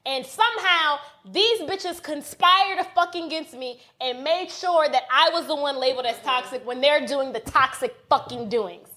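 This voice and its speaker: A woman's voice: high-pitched, moderate pace, few pauses, sharp tone. A woman in her late twenties telling a heated story on a podcast, blunt and profane, quoting others as she goes. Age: late 20s. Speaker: podcast co-host. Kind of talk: casual storytelling chat. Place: podcast studio.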